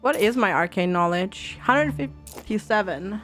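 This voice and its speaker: Young woman, streamer, thinking aloud, slow, faint game music. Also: mid-range voice, lively intonation, fairly bright tone. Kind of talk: casual game commentary.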